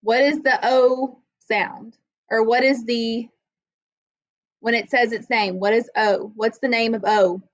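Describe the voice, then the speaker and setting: A woman's voice: fairly high pitch, steady tone, takes it slowly, dry recording. A woman teaching children a reading lesson, explaining patiently step by step and checking in with "okay?". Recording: dull lo-fi audio.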